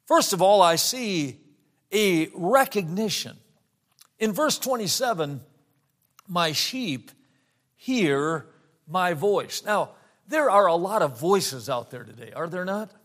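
A middle-aged man preaching, telling a personal story and slowing down to stress scripture lines. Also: sits high, lively intonation, fairly bright tone. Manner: storytelling, slows down for emphasis on scripture. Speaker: pastor.

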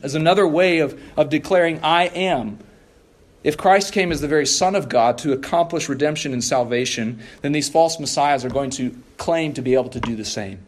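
A pastor delivering a sermon in an earnest, measured way, repeating key phrases for emphasis and sometimes stumbling over a restart. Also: male voice, a little high, darkish tone.

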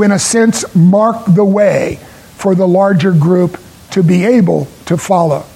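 A man preaching a sermon as pastor, earnest and emphatic, with pauses for stress. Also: high-pitched, vocal fry, warm tone, slightly rough, poor audio.

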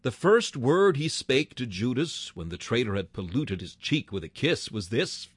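A man's voice: mid-range voice, big pitch swings, normal speed, breathy edge, no echo. A man reading a sermon aloud in a solemn, formal manner, rising to emphatic declamation. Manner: old-fashioned, formal scriptural phrasing. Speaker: preacher.

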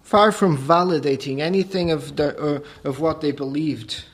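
A preacher with a slightly high voice drives his sermon hard, repeating lines and pressing rhetorical questions. He climbs to forceful, ringing peaks, then drops back low. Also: normal speed. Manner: emphatic, rising to forceful peaks, repeats phrases.

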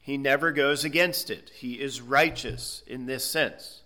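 His voice is medium in pitch, pushed and bright, and his pace runs a little slow. The man is a Bible teacher giving a methodical expository lecture that explains word meanings stage by stage, punctuated by check-ins of "okay?".

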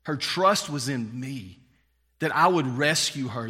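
A man's voice: mid-range voice, lively intonation, a little slow, bright, forceful tone, husky, big-room sound. A man preaching a sermon, telling a personal story in a casual way with many fillers. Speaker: pastor.

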